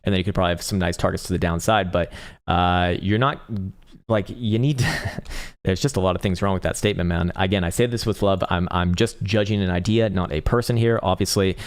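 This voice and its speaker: A young man with a low-sitting, slightly fast voice hosts a crypto trading livestream, talking charts and answering chat casually. He reacts to messages in a rambling, profane way, laughing often and searching for words.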